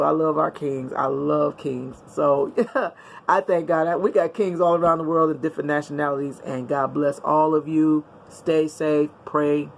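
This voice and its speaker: A woman's voice: low voice, gravelly. A middle-aged woman vlogger chatting casually and upbeat to her viewers, with a preachy tone and frequent laughter.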